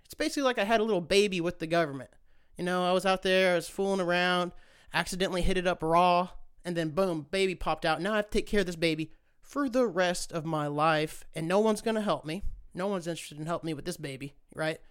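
Young male podcast host with a smooth, resonant voice; casual, profane rambler. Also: sits high. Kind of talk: casual solo podcast rant.

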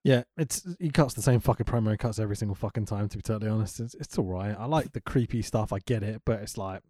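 A man's voice: lowish voice, quick pace, mellow, no echo, clean studio sound. A man co-hosting a casual chat show, swearing freely, joking and laughing often. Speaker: podcast co-host.

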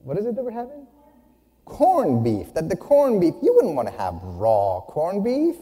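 A man giving a spiritual talk, telling stories in a humorous, expressive way to a gathering in a hall. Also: sits high, slightly rough. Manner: humorous, unhurried, expressive storytelling. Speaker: speaker. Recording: long hall reverb.

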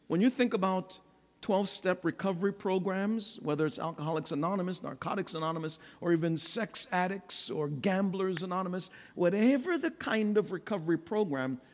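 A middle-aged man preaching a sermon, swinging from low, quiet stretches to loud, ringing calls. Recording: long hall reverb.

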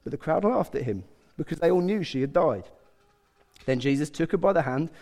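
Preacher in an echoing church hall. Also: male voice, fairly high pitch, fairly quick. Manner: animated, conversational, acts out quotes with humour. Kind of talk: sermon. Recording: long hall reverb.

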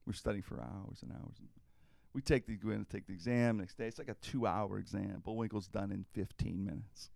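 Middle-aged guy telling a story on a podcast, laughs a lot, gravelly voice, dry sound. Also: on the low side, a little fast, no echo. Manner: animated, laughing often through anecdotes. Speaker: podcast host. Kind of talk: casual storytelling.

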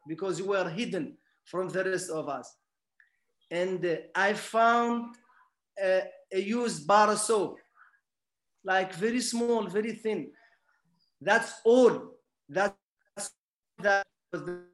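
A man with a non-native English accent, telling a personal story in a halting way full of restarts. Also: high voice, a bit bright, roomy sound. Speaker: guest.

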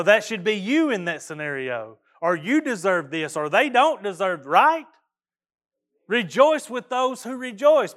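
A man's voice: high-pitched, fairly bright tone. A middle-aged man, preaching a sermon as pastor in a folksy, earnest way, often restarting his phrases.

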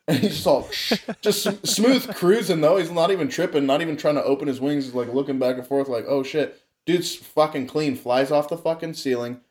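A man's voice: on the high side, fairly quick, few pauses, darkish tone. A young man telling a wild childhood story in casual, profane chat, laughing often.

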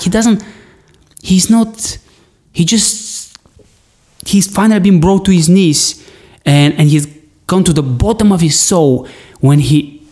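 Guy telling a heavy personal story, kinda high voice, keeps restarting. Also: darkish tone. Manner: earnest, searching, many restarts. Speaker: guest. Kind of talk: emotional personal testimony.

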